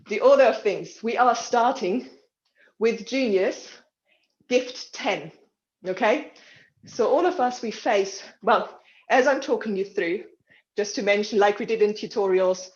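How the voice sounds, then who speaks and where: A woman's voice: medium pitch, darkish tone, highs cut off. A woman leading an online dance class over a video call, counting and cueing moves in an encouraging way, a little out of breath. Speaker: dance instructor.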